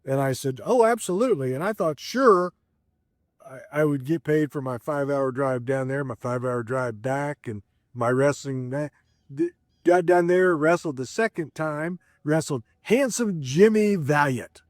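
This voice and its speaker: A man's voice: fairly high pitch, unhurried, no room sound, studio quality. A middle-aged man, a former wrestler, telling stories in a casual, rambling way with lots of fillers and restarts. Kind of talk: casual storytelling.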